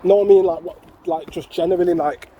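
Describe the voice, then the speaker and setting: A man's voice: high voice, fairly even intonation, brisk, dull audio, slight background noise. A man with a Mancunian accent chatting to his viewers in a casual, jokey walking vlog outdoors, swearing freely. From North West England. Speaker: vlogger. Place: outdoor parkland.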